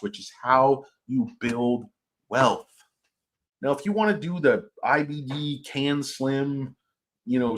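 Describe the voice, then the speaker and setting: A man giving a casual, rambling stock market commentary, opinionated and full of filler words. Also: medium pitch.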